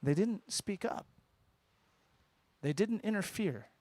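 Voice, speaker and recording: A man teaching a congregation in a synagogue, lively and informal, with joking asides and questions to the room. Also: sits high, slow pace, no echo. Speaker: rabbi teaching at a Shabbat service. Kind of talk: interactive sermon with congregation. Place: synagogue sanctuary.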